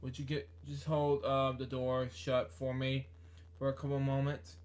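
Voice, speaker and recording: A man's voice: mid-range voice, completely flat delivery, measured pace, darkish tone, lightly acted. A man voicing a polite male prankster who asks a favor hesitantly, with fillers.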